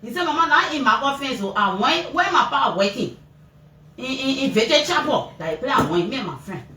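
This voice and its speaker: A Liberian woman recounts events to reporters in an animated way, her fairly high voice leaping as she acts out what others said. She sits back from the microphone in a roomy, echoing space with faint noise behind. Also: fairly quick. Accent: Liberian English. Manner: animated storytelling, acting out shouted quotes, pitch leaping up and down. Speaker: mother giving a press interview. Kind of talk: emotional personal account to reporters. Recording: roomy, distant mic with faint background noise.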